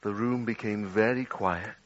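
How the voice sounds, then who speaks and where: A man preaching a sermon, swinging dramatically between loud outbursts and hushed, low passages. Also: fairly even intonation, unhurried. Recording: dull lo-fi audio.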